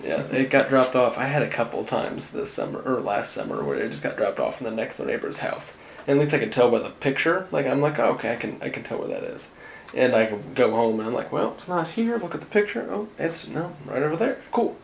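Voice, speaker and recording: A man's voice: mid-range voice, animated, brisk, gravelly. A young man co-hosting a casual podcast chat, telling rambling, laid-back stories. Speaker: podcast co-host. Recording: roomy echo, faint ambient hum.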